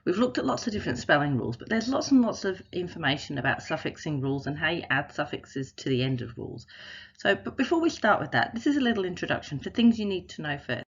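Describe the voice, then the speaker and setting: Woman, teacher, low voice, slightly husky, patient step-by-step explaining, muffled lo-fi recording. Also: very animated. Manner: patient, explains step by step, says example words slowly. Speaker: literacy teacher. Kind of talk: instructional video explanation.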